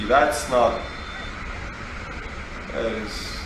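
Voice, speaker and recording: A man's voice: mid-range voice, very animated, slow, pauses often, noisy background. A man with an Estonian accent commenting on a reaction video, joking and mocking, with sudden startled outbursts. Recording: very echoey room, mic at a distance, music behind.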